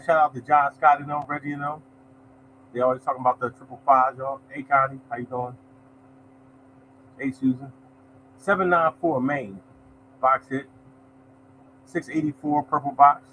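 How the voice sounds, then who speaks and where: Hosting a casual live lottery show, a slightly high-voiced man keeps a loose, friendly chatter going, greeting viewers, reading results and often saying "y'all." His voice is a bit bright, and a faint hiss runs beneath the rough recording.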